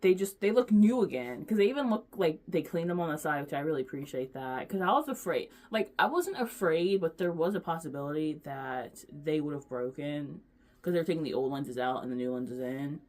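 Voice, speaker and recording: Low-voiced woman chatting in a ramble. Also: fairly quick, darkish tone. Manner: rambling, chatty, lots of fillers and restarts; gushing, affectionate. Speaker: vlogger. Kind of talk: casual chat.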